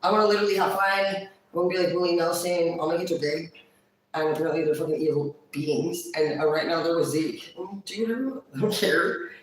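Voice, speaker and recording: A woman's voice: on the low side, fairly quick. A blunt, foul-mouthed woman rambles through a casual vlog monologue. She sits well back from the microphone, and her voice rings around a very echoey room. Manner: crude, profane, blunt. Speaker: vlogger. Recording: echoey room, far from mic.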